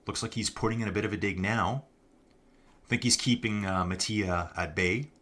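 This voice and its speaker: A man's voice: fairly low pitch, fairly even intonation, moderate pace, a bit bright. A man giving live, chatty commentary on a virtual cycling race, talking to his viewers as folks and reading out the chat.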